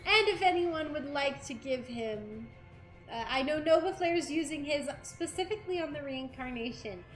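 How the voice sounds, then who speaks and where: A woman narrating a tabletop game as dungeon master, describing scenes in an unhurried way and often giggling. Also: high voice, expressive. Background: faint game music.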